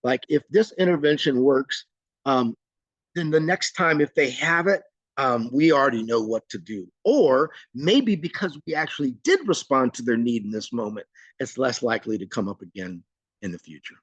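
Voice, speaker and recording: An American man leading a live training webinar, talking in a conversational, energetic way and acting out little scenes. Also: mid-range voice, normal speed, no echo, highs cut off.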